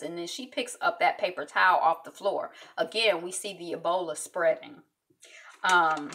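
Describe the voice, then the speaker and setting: A woman casually recapping a TV episode, with lots of ums and quick acted-out quotes from the scenes. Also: fairly low pitch. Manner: chatty, many ums, acts out quotes in lively voices. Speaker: TV recap host.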